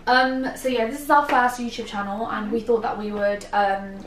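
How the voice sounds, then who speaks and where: A woman's voice: fairly high pitch, fairly even intonation, normal speed. Hesitant young woman, roomy. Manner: hesitant, many filler ums. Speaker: co-host. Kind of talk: casual chat to camera. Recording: roomy, distant mic, faint noise.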